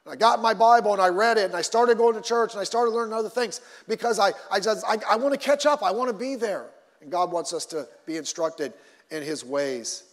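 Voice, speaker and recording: A male pastor preaching a sermon in an animated way, repeating himself and swinging between loud and soft. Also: high-pitched, brisk, long reverb tail.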